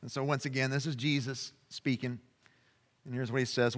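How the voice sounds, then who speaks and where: Speaking at a normal speed in a medium-pitched, level voice, a man in his forties delivers a sermon as pastor of a church. He's passionate yet conversational, often using fillers and starting over, and the sanctuary's long hall reverb trails his words.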